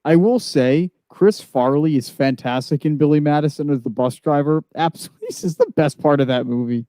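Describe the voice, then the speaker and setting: A man's voice: fairly high pitch, a little fast, dark tone, no room sound. A man chatting casually on a stream, blunt and dry, telling stories. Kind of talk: casual chat.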